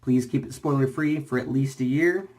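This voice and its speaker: A man's voice: mid-range voice, moderate pace, a little mellow. A young man rambling casually in a shaving vlog, full of fillers and restarts, slightly out of breath. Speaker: shaving vlogger.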